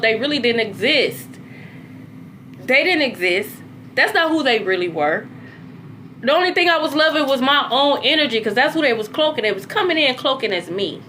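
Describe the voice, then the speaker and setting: There's a little hiss or hum behind this spiritual content creator as she delivers a loose, lively monologue. She swears without restraint, and her pitch moves back and forth between low and high.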